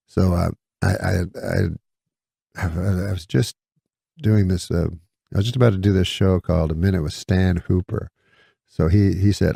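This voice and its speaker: A man with a low, very gravelly voice tells a long story in an unhurried, deadpan way. He stumbles and restarts often as he rambles. It sounds close and dry, with no room around him. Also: dry recording. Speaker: comedian guest. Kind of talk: casual storytelling on a podcast.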